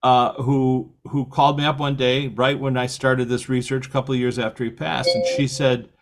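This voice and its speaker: A man's voice: mid-range voice, flat delivery, moderate pace. Older man telling a rambling story. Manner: rambling storyteller, laughs often. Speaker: podcast host. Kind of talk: casual conversation.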